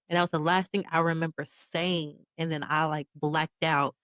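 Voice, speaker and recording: A woman's voice: low-pitched, flat delivery, brisk, a bit bright, dry recording, rough recording. A woman in her thirties co-hosting a podcast, recounting a personal story with candid emotion. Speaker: podcast co-host. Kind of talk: casual podcast conversation.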